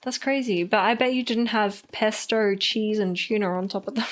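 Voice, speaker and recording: A woman's voice: medium pitch, moderate pace. Playful woman casting a game. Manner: playful, teasing, giggly. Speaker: game caster and streamer. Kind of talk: live game commentary.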